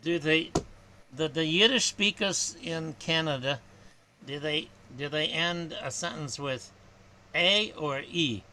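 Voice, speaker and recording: A man's voice: a little high, takes it slowly, crowd noise. A man chatting casually on a video call, musing and asking wandering questions.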